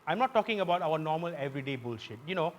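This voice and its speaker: A man with a Malaysian English accent performing a satirical comedy monologue as host on a live theatre stage, punchy and given to shouting his punchlines. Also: a little high, very animated, very fast, lo-fi sound. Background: audience laughter.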